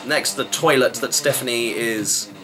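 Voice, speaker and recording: A man's voice: mid-range voice, normal speed, low-quality recording. A man giving a chatty, wry running review of a wrestling show, rambling with fillers. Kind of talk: casual vlog review.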